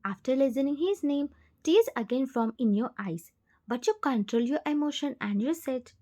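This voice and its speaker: High-voiced woman narrating a story. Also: expressive, moderate pace, dark tone. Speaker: fan fiction voiceover narrator. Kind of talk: second-person story narration.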